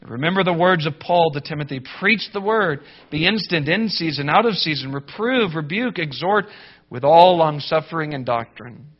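A man preaching a sermon to pastors, emphatic, rising to loud declarations and dropping to low, grave asides. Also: lively intonation, moderate pace, muffled recording.

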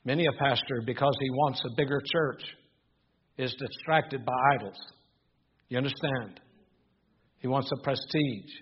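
Older preacher with a husky voice. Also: male voice, mid-range voice, unhurried, pauses often, highs cut off. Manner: reads scripture aloud, alternates hushed musing with rising emphatic preaching. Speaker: pastor. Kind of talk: sermon.

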